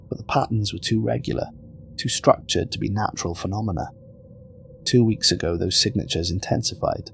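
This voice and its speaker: A man with a low, gravelly voice narrates a sci-fi horror tale in a steady, measured way. A faint hum of ambience sits under his voice. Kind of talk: scripted first-person horror narration.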